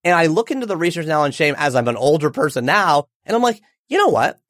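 Lively forties guy telling a story, bouncy pitch, a bit high, dry close sound. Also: quick pace, dry recording. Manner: animated, emphatic storyteller. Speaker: author guest. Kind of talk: storytelling in an interview.

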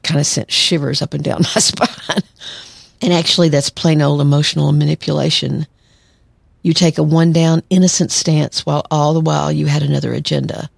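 A woman's voice: sits low, little pitch movement, brisk, gravelly, slightly rough, no echo, clean studio sound. A woman therapist hosting a solo podcast, talking conversationally and acting out quoted lines. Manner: conversational, acts out quoted lines, laughs lightly. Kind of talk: solo podcast advice talk.

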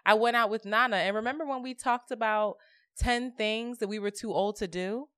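A woman co-hosting a podcast, telling a story in a casual, expressive way and acting out the dialogue. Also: on the high side, moderate pace, clean tone, dry recording, studio quality. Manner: expressive, laughing, acts out dialogue. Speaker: podcast co-host. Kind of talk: casual chat, animated storytelling.

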